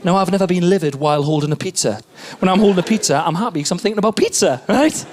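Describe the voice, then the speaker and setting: Male stand-up, very high voice, excitable storytelling on a stage mic. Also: fast. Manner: animated storytelling, exclamatory, swears freely. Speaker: stand-up comedian. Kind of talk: stand-up set. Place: comedy stage.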